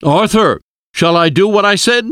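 A man's voice: fairly low pitch, animated, dry recording, studio quality. Van Helsing, a man reading a grave old professor. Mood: urgent shouting. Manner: solemn, firm, measured. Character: elderly male vampire-hunting professor, grave and resolute.

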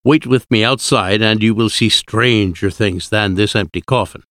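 A man's voice: fairly low pitch, a bit bright, no echo, clean studio sound, close to an everyday voice. Van Helsing, a man reading a grave old professor. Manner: solemn, firm, measured. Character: elderly male vampire-hunting professor, grave and resolute.

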